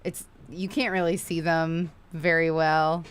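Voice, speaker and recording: A woman streamer chatting casually with her viewers while she crochets, chatty, excitable and freely swearing. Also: sits low, measured pace, smooth.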